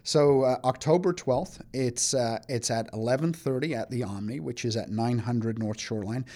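A man's voice: medium pitch, moderate pace, warm tone. A middle-aged man from England, a studio guest on a radio talk show, chatty with many restarts. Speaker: economic development chief, studio guest. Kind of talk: casual radio interview.

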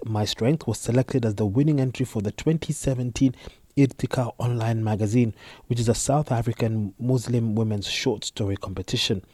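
A man reading a scripted outro in a plain, informative way. His voice is mellow and husky, recorded dry and close. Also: mid-range voice, dry recording. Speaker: announcer.

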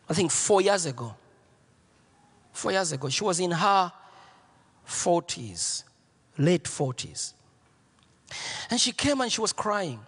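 A man preaching as pastor, telling a story with repeated lines and swinging from hushed near-whispers to shouts. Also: high-pitched, slightly rough, in a large hall. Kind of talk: sermon.

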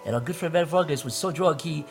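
A young man chatting in an excitable, rambling way and swearing freely in casual podcast banter. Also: on the high side, fast talker, soft background music. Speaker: podcast co-host. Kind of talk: casual chat.

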